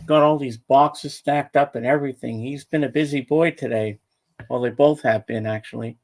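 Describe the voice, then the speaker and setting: A man with a mid-range voice, co-hosting a relaxed conversation. He chats easily and takes his time, dropping in small comments and questions between longer stories. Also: medium pitch, moderate pace. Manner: easygoing, chatty. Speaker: co-host. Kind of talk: casual chat.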